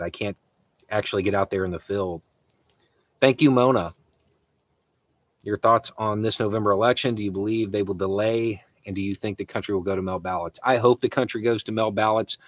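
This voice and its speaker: A Southern-accented man from Florida hosts a casual live Q&A, answering viewer messages fairly quickly in a fairly low, fairly even voice. He chuckles often and keeps restarting hesitantly.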